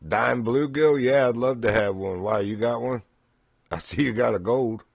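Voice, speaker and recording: A man's voice: medium pitch, moderate pace, gravelly, no room sound, lo-fi sound. A man streaming, chatting casually while fishing in a game and laughing often as he tells stories.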